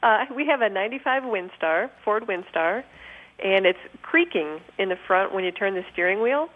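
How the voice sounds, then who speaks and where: A woman from Wisconsin calls in to a radio show over the phone. She sounds upbeat and good-natured, at an average pitch. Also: lively intonation, moderate pace, phone-quality sound. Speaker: caller. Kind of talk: phone-in conversation.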